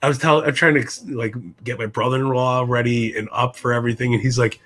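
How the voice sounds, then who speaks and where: A man co-hosting a casual wrestling podcast, excitable and profane, acting out what people said. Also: mid-range voice, quick pace, hardly any pauses. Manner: excitable, profane, acts out quotes. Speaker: podcast co-host.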